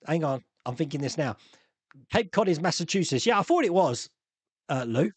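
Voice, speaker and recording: A chatty man from Australia hosts a live stream, answering viewer comments in a casual, rambling way. His voice sits a touch high and swings lively up and down, and he often restarts his sentences and chuckles to himself. The recording is dry and close. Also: moderate pace, husky, no echo.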